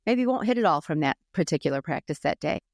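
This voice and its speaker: A woman's voice: low voice, animated, fast, no echo, studio quality. Upbeat middle-aged woman hosting. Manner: upbeat, wraps up with friendly sign-offs. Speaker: podcast host. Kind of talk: casual podcast chat and scripted outro.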